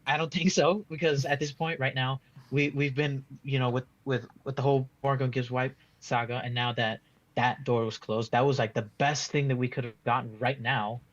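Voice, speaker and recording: A man's voice: medium pitch, little pitch movement, normal speed, dry recording, muffled recording. A man giving a casual post-match fan reaction, rambling and frustrated, full of restarts and "like" fillers. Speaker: football fan being interviewed.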